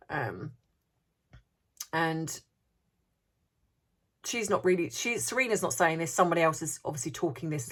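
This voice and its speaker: A woman's voice: lowish voice, fairly bright tone. A woman vlogger giving opinionated commentary, indignant and sarcastic, firing off rhetorical questions and repeating words for emphasis.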